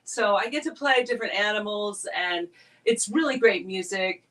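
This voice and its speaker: A woman's voice: mid-range voice, normal speed. A woman in her thirties with a transatlantic accent, telling stories as a guest in a casual chat and laughing often. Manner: animated storyteller, laughs often. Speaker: guest performer.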